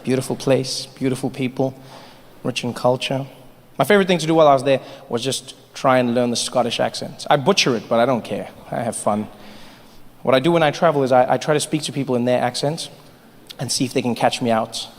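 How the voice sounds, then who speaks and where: A South African man doing stand-up comedy in an animated way, slipping in and out of voices. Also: mid-range voice, fast talker, in a large hall. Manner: animated, switching between voices. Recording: live theater with audience.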